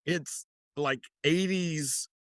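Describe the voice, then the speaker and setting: Slow, halting man on a podcast. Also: on the high side, fairly bright tone, no echo, studio quality. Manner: halting, many restarts, drinking beer. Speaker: podcast co-host, a guest. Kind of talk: casual podcast chat.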